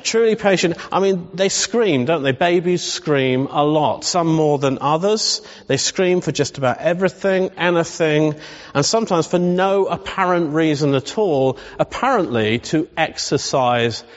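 A pastor with a voice on the high side speaks a little slowly, preaching humorously and conversationally while frequently questioning the congregation. The recording sounds dull and carries a long hall reverb.

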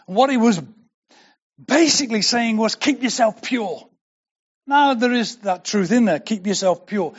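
A man's voice: high-pitched, animated, moderate pace, pauses often, highs cut off. An older man preaching a sermon as pastor, earnest and building to emphatic declarations.

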